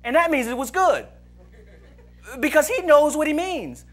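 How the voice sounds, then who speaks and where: A man's voice: extremely high pitch, big pitch swings, a little slow. A man preaching a humorous sermon at a church service, telling stories with frequent laughter and mimicking his friends' voices. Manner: playful storytelling with frequent laughter and voice imitations. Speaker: pastor.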